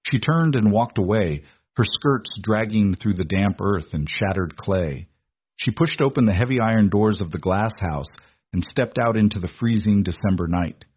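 A man reading a story aloud in a measured, dramatic narration. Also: on the low side, expressive, slightly rough, no room sound. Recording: dull lo-fi recording.

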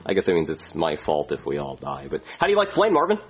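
A reckless male airline pilot, as a man plays him, rambling and boastful, swearing freely. His pitch moves a lot, and his voice is slightly husky. The recording is muffled and lo-fi. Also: huge pitch swings, fast, full character voice.

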